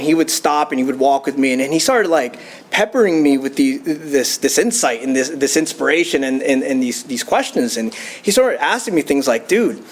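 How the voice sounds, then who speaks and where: A young man telling his personal recovery story to a meeting, casual and chatty with fillers and laughs. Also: fairly high pitch. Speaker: AA speaker.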